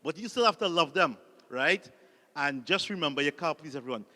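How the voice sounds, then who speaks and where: A man's voice: on the high side, expressive, brisk, sharp tone, long reverb tail. A man with a Trinidadian accent, a Catholic priest giving a humorous motivational talk full of stories and audience call-and-response. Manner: jokey storyteller, calls on the audience to repeat lines.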